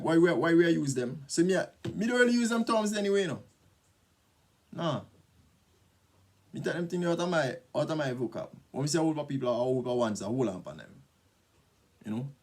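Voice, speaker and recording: A man with a Jamaican accent speaking in a medium-pitched voice, talking straight to camera like an easy vlog monologue. His delivery is relaxed and conversational, blending patois into English and checking in with the listener as he goes. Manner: relaxed, chatty, mixes patois into English, frequent tag questions. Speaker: vlogger. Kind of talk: casual spoken monologue to camera.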